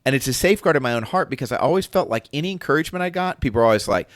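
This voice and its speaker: A man's voice: medium pitch, animated, very fast, dry recording, studio quality. A man co-hosting a casual faith podcast, talking things through reflectively and acting out quoted voices as he goes. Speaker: podcast co-host.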